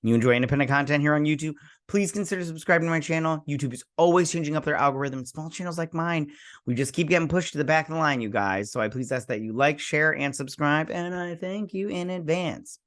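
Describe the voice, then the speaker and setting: A man's voice: fairly high pitch, fast talker, fairly bright tone, no echo, studio quality. A man hosting a casual video review, emphatic and repetitive, saying "like" a lot. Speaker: host.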